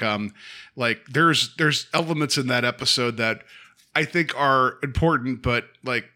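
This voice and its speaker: A man hosting a casual podcast, rambling through his thoughts with plenty of fillers. His voice is bright and forceful at a middle pitch. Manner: chatty, rambling, many fillers. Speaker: podcast host. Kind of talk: casual film discussion.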